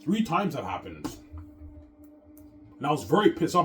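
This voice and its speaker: A man's voice: a little high, very animated, normal speed, slight background noise. A man in a casual rant to his viewers, rambling and stammering, repeating the same filler words and swearing often. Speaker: vlogger.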